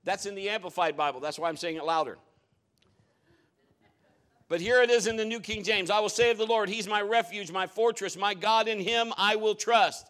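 Emphatic high-voiced male preacher. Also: normal speed. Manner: emphatic preaching, swinging from loud declarations to hushed asides. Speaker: pastor. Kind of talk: sermon.

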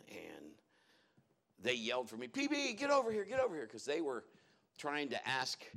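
A man's voice: medium pitch, fairly bright tone. A man preaching a sermon to his congregation in a church, telling folksy stories as he goes. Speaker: pastor.

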